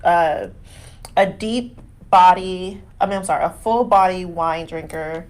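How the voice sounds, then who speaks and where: A young woman co-hosting a podcast, chatting casually with loud, crude jokes and frequent laughter. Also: fairly low pitch, a little slow. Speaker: podcast co-host. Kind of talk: casual chat.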